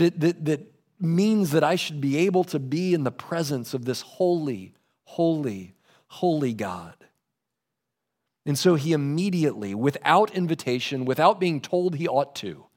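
A man preaching a sermon, lively in delivery, dropping low and soft when quoting scripture. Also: a little slow. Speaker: pastor.

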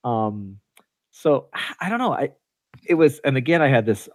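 A man's voice: medium pitch, very animated, normal speed, dry recording. Rambling man on a casual podcast. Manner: rambling, many fillers and restarts. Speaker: podcast co-host. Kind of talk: casual chat.

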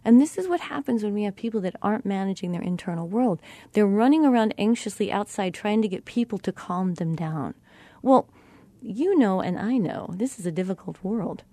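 A middle-aged woman giving a teaching talk about tone of voice and self-talk, speaking deliberately and shifting her inflection to show how phrases change meaning. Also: mid-range voice, animated, mellow, dry recording. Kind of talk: teaching monologue.

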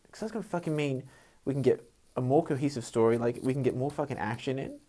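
A man's voice: medium pitch, fast talker, warm tone. Man, solo casual monologue, frank, heavy swearing, worked-up, venting. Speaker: podcast host.

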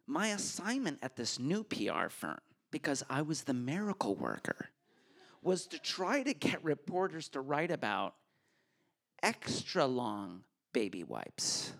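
A man tells a true story at a live story slam, his pitch swinging widely as he goes. He is animated and self-mocking and acts out each exchange of dialogue. His voice sits at a middle pitch. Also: a little slow, creaky. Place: stage at a public hall.

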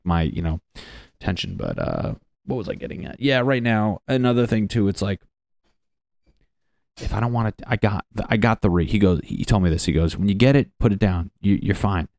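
A young man with a low, deep voice talks to his viewers in a loose, rambling way. He swears a lot and makes fun of himself. The sound is dry and close, with no room echo. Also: darkish tone. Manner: rambling, profane, self-deprecating. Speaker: vlogger. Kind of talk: casual personal talk to camera.

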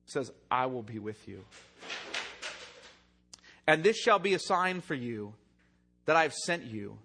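A male pastor preaching a sermon, reading scripture and retelling it with dynamic swings from loud emphasis to quiet, hushed lines. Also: medium pitch, sing-song, unhurried, gravelly, long pauses.

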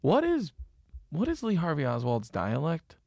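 A young man co-hosting a podcast in casual chat, animated, ranting and teasing his friend. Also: on the high side, creaky, no echo, clean studio sound. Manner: animated, quick to rant and tease. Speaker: podcast co-host.

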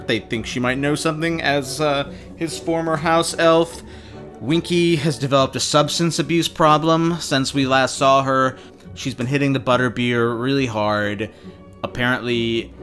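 A male podcast host recaps the chapters with dry, profane humor and quick asides. His voice sits at an average pitch, with faint music underneath. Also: sharp tone.

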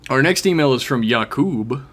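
A man's voice: medium pitch, animated, moderate pace, a bit bright. A man co-hosting a podcast in casual chat, reading listener emails and rambling with frequent swearing. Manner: rambling, swears freely, puts on voices when reading.

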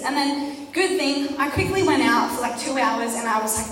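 A young woman with a high voice tells a chatty, self-mocking story to a church crowd. She sounds far from the microphone, her voice bouncing around a big hall with a long echo, and a faint hiss sits underneath. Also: expressive, a little fast. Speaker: church youth speaker. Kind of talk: casual storytelling talk.

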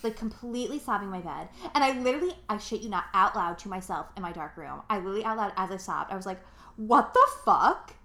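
A woman's voice: mid-range voice, very fast, hardly any pauses, sharp tone. A woman in her twenties co-hosting a podcast, chatting casually in a rambling, filler-heavy way, swearing freely and getting emotional. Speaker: podcast co-host. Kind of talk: casual chat. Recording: roomy echo.

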